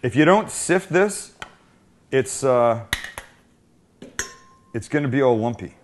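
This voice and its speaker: Speaking slowly at a medium pitch, this middle-aged cooking host is animated as he runs a casual demonstration from his home kitchen. There's slight background noise, and he keeps up self-deprecating humor while he cooks.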